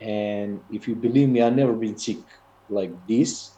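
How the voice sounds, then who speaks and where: A man who is currently ill, talking haltingly in broken English with repeated words, as a voice student on a video call. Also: fairly low pitch, steady tone, dark tone. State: ill, on antibiotics. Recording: roomy, muffled video call audio.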